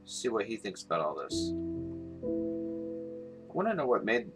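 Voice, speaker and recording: A man's voice: on the low side, huge pitch swings, normal speed, over music. A man giving casual, joking commentary on a game, swearing freely and reading the game's text aloud. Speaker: gamer.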